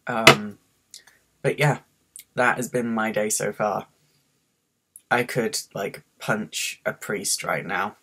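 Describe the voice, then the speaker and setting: A man's voice: fairly low pitch, fairly even intonation, slow pace, pauses often, bright, forceful tone, a little hiss or hum. A man with a faint Scottish accent, stressed and rambling through a casual story about his day on a home webcam vlog. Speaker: vlogger.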